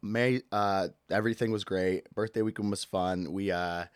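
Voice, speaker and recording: A man with a smooth, fairly low voice hosts a casual solo podcast where he rants about everyday gripes and cracks jokes. His delivery is animated, with quick yelled-out bits, and the studio audio is clean with no echo.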